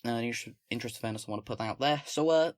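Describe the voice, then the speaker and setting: Male host from England, casual political commentator, halting and rambly delivery, close mic with no room sound. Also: medium pitch, dry recording. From England, not the North. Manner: rambling, halting, many fillers and restarts. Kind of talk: casual commentary with manifesto reading. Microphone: own microphone, close.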